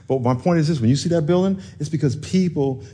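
A man preaching a sermon as pastor, moving from quiet talk up to loud yelling, with laughs between lines. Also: on the high side, fast talker, breathy edge.

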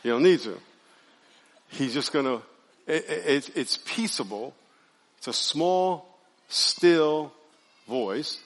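A man preaching a sermon as pastor, conversational and animated, calling on his congregation to answer and raise their hands. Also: on the high side, slow, long pauses, big-room sound. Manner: conversational, animated preaching with audience call-and-response. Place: church sanctuary.

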